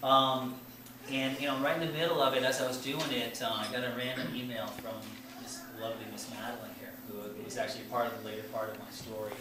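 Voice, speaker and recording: A man's voice: mid-range voice, steady tone, fast, heavy background noise. A man in his late forties giving a rambling, chatty talk at his book launch, full of fillers and restarts and often laughing at himself. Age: 40s. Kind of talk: informal speech to a party crowd. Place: indoor party venue with an audience. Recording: very echoey room, distant mic, room ambience.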